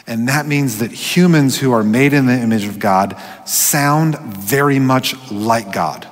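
A man preaching a sermon in a conversational way, slowing for emphasis and dropping to a hush at times. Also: mid-range voice, faint music behind. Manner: conversational, drops to hushed whispers for quoted voices. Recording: echoey hall with long reverb.

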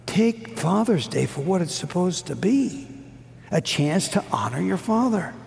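A middle-aged man preaching a sermon, telling a story earnestly, rising high and dropping to a hush. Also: expressive, a little slow, vocal fry, slight background noise. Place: church hall. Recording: long hall reverb.

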